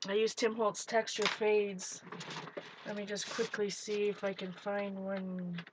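A woman's voice: medium pitch, a little slow, background noise. Chatty woman demoing crafts live. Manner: excitable, talks while working, greets viewers. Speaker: art livestream host.

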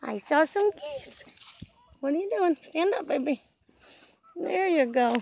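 Older woman, a grandmother cooing slow baby talk outdoors; squeaky-high, coaxing, playful. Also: lively intonation, creaky, a little mellow, slight background noise. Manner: sing-song, coaxing, playful. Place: back yard, outdoors.

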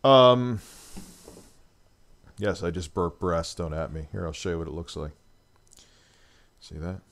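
A man's voice: sits low, lively intonation, measured pace, creaky. A man hosting a casual livestream, reading super chats and ranting sarcastically with a lot of swearing. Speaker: livestream host.

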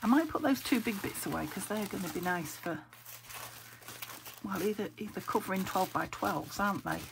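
Hushed, gravelly-voiced woman chatting at her desk. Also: mid-range voice, lively intonation, brisk, noisy background. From England. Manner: chatty, thinking aloud, often dropping to a whisper. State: weak voice, saving her throat. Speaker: craft vlogger. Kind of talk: casual chat while sorting craft papers. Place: craft room at home. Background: paper crinkling and clicks.

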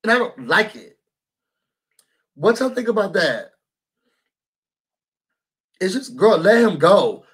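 A man hosting a casual recap of a reality show, talking to viewers in a sassy, animated, chatty way and calling them y'all. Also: high voice, slow, long pauses, breathy edge. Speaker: YouTube host reviewing a reality show.

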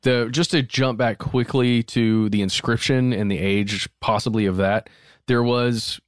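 A man's voice: medium pitch, fairly even intonation, unhurried, clear, resonant tone, dry recording, clean studio sound. A man co-hosting a podcast, making his points in an earnest, hedging way with frequent restarts. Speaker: podcast co-host. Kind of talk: casual conversational discussion.

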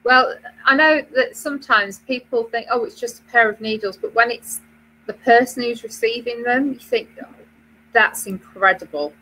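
British lady rambling about knitting gear, bright forceful voice, pitched a bit high. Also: normal speed, rough recording. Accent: British English. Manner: chatty, rambling, many fillers and restarts. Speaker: co-host of a knitting web show. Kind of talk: casual chat.

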